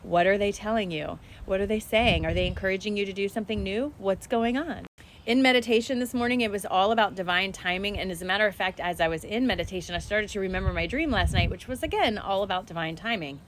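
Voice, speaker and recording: A woman in a casual spiritual update, chatting straight to her viewers. Her voice sits at an ordinary middle pitch. A faint hiss of noise runs underneath. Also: fast. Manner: chatty, conversational, addresses viewers directly. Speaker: spiritual energy vlogger.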